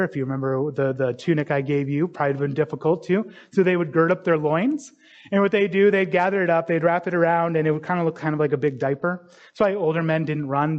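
Man preaching a casual sermon, lo-fi. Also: a little high. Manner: conversational preaching, acting out voices in stories. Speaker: pastor. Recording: dull lo-fi sound.

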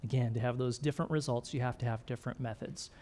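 Middle-aged male pastor, relaxed conversational sermon delivery. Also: mid-range voice, fast. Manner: conversational preaching, frequent "right?" and "okay?", light laughs.

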